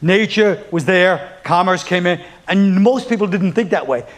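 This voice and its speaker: A man's voice: sits high, lively intonation, normal speed. A man doing stand-up comedy, riffing in a rambling, profane, sardonic way and acting out quotes.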